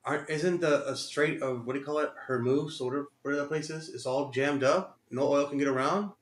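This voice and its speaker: A man's voice: a little high, brisk, reverberant. A man streaming his day trading live, talking to himself and exclaiming in frustration at the market. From Texas.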